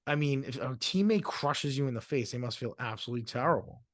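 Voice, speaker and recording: A man hosts a podcast interview and asks long, wandering questions padded with fillers. His voice has an ordinary middle pitch and sounds dry and close, with no room echo. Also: lively intonation, fast talker, fairly bright tone. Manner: rambling, filler-heavy questions. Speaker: podcast host. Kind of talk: casual interview chat.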